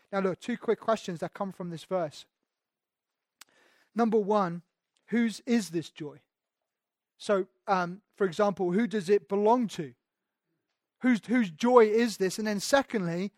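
High-voiced preaching man, dry sound. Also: normal speed, dry recording. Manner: conversational preaching, emphatic rises. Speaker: pastor. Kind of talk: sermon.

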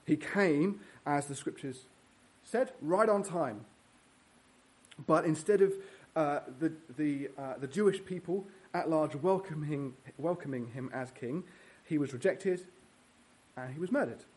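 A man's voice: fairly high pitch, unhurried, darkish tone. A man preaching a sermon in a church, earnest and teaching verse by verse with fillers and restarts.

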